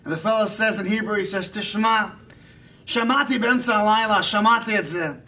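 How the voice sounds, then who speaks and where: Man doing a high, bright preachy rabbi storyteller. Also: recorded from a distance. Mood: preachy storytelling. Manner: sermon-like, drawn-out emphatic delivery. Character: earnest older male rabbi storyteller, preachy. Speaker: jester performing an impression. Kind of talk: comic impression of a storytelling rabbi. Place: live event stage.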